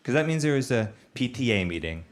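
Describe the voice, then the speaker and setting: A man doing stand-up comedy on a stage, telling stories in a deadpan, conversational way. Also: medium pitch, fairly quick. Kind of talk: stand-up storytelling. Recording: loud background noise.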